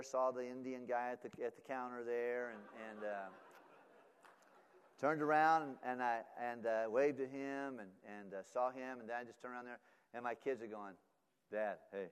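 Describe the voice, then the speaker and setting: A man's voice: medium pitch, clear, resonant tone. A middle-aged man preaching, telling a story with many fillers and restarts and acting out the other voices. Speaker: pastor. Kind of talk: sermon storytelling. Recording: long hall reverb.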